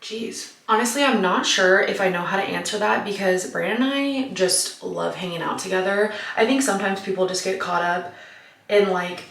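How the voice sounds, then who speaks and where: A woman's voice: mid-range voice, normal speed, creaky, fairly bright tone. Chatty woman in her late 20s, roomy sound. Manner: chatty, uses "like" often, laughs easily. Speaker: vlogger answering viewer questions. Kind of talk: casual Q&A chat. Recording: roomy, mic at a distance.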